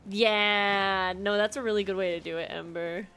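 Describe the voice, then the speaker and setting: A woman's voice: mid-range voice, fairly even intonation, moderate pace, fairly bright tone, faint music behind. A young adult woman streamer chatting casually while playing a game, rambling with lots of filler words. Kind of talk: casual gameplay commentary.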